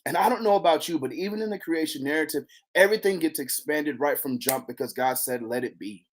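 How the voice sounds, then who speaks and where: An excitable devotional leader teaching a faith challenge to camera, breaking into bursts of praise and repeating lines for emphasis. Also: medium pitch, quick pace. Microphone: handheld camera.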